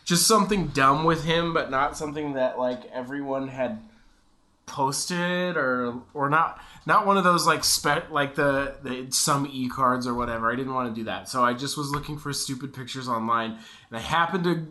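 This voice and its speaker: A man's voice: medium pitch, moderate pace, bright, forceful tone. A young man co-hosting a podcast, chatting casually in a rambling, self-mocking way and laughing often. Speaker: podcast co-host. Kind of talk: casual chat.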